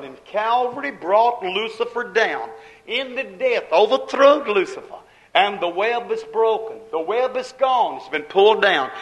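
A male pastor preaching a fiery sermon, swinging from loud declarations to low asides. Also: low-quality recording.

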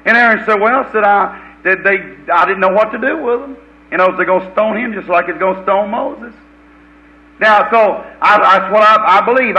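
A man preaching a fiery, folksy revival sermon, swinging from loud preaching to low muttered asides. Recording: dull lo-fi old recording.

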